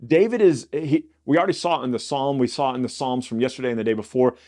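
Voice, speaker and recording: A man's voice: mid-range voice, quick pace, dark tone. Man casually explaining scripture. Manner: conversational, with frequent restarts and repeated words. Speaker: Bible study podcast host.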